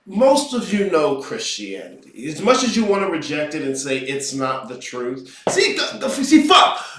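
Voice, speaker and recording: A man with a high, slightly bright voice rants through an unscripted lecture as an occult teacher, swearing and mocking as he goes. The recording is roomy and echoey, with his voice far from the mic.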